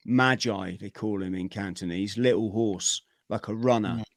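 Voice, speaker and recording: A middle-aged man, a podcast guest, telling his own story in a vivid, energetic way with plenty of slang. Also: lowish voice, moderate pace, no echo, clean studio sound. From Britain. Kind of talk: personal storytelling in an interview.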